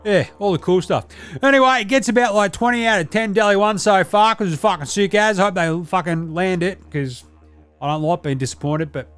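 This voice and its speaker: A man's voice: high voice, a little fast, a bit bright, clear, resonant tone, voice pushed up. A man voicing a brash, sweary Australian larrikin bloke who rambles in crude slang with an Australian accent. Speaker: podcast character segment.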